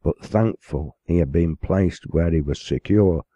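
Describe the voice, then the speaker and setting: A man reading a classic novel aloud in a steady, measured way. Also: low-pitched, no room sound. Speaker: audiobook narrator.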